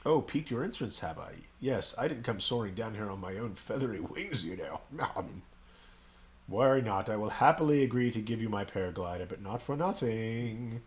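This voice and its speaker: A man's voice: lowish voice, lively intonation, moderate pace, lightly acted. A man voicing a mysterious old hermit, reading the lines in a lofty, dramatic way. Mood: sly. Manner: reads the game lines in an elevated, dramatic voice.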